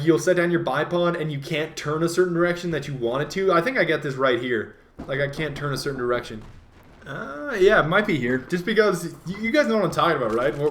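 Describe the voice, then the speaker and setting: A man with a fairly high voice talks over his game footage, rambling from point to point. He keeps dropping jokes and playful self-mocking asides as he goes. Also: fairly bright tone. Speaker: gaming commentator. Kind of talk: casual gameplay commentary.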